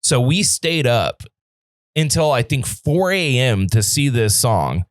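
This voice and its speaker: A man co-hosting a podcast, telling stories in animated, casual chat. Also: medium pitch, slow, no echo, clean studio sound. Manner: animated storytelling. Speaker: podcast co-host.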